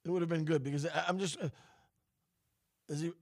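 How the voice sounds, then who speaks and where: A man's voice: fairly high pitch, fairly even intonation, fairly quick, darkish tone. A man hosting a radio show, chatting in a playful, teasing way. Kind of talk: casual radio banter.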